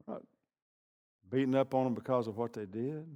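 A man's voice: medium pitch, lo-fi sound. Older man preaching in an echoing hall. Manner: animated, swings from loud bursts to hushed asides. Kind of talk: sermon. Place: church sanctuary. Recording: long reverb of a large hall.

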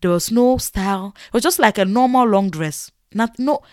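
Young Nigerian woman, lively vlog storyteller, acts out dialogue, close dry sound. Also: mid-range voice, moderate pace, no room sound. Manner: animated, acts out quoted dialogue. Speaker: vlogger. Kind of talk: casual storytelling.

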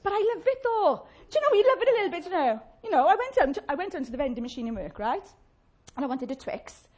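A woman's voice: very high-pitched, sing-song, quick pace, darkish tone. A woman preaching a chatty, humorous sermon, acting out little voices of complainers.

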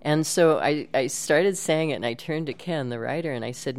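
A woman, a voice actress and guest, telling stories in a relaxed interview chat and laughing often. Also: low-pitched, moderate pace. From United States. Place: home studio.

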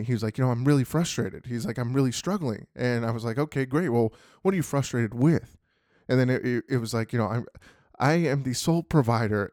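A man's voice: mid-range voice, a little mellow. A man in a middle register gives a casual motivational talk to a sales team and keeps leaning on "you know" as he goes. His delivery is loose and conversational. The sound is dry and close, with no room echo. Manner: conversational, heavy use of "you know" fillers.

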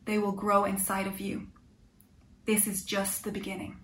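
A woman voicing a calm, kind, resolute man with scarred hands, speaking in a hushed, gentle way. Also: medium pitch, normal speed, a little hiss or hum, lightly acted. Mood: gentle, steady. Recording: echoey room.

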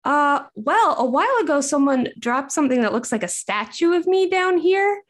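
A shy, innocent female lake monster, as a woman improvises her in a comedy bit. She talks in a slightly high, halting, earnest way, stumbling over her words with naive sincerity. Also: lively intonation. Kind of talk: improvised comedy role-play.

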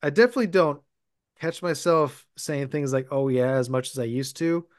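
A man's voice: fairly high pitch, moderate pace, dry recording, studio quality. A man from Minnesota in casual podcast chat, patiently explaining things step by step. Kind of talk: casual movie-discussion chat.

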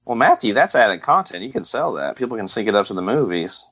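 A man co-hosting a podcast in casual chat, deadpan and jokey, sometimes drifting into a put-on drawl. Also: on the low side, quick pace, husky, highs cut off. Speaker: podcast co-host.

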